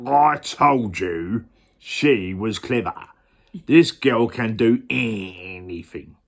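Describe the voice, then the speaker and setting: A man voicing a bossy storybook king in a gruff, commanding voice. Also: fairly low pitch, very slow, exaggerated voice.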